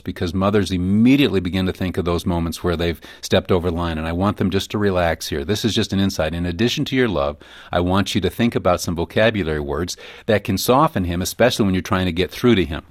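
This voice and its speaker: A man being interviewed as a parenting guest, explaining his ideas and telling stories in a lively way, acting out the people in them. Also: sits low, no room sound, studio quality. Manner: animated storytelling, acts out quoted voices. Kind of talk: radio interview.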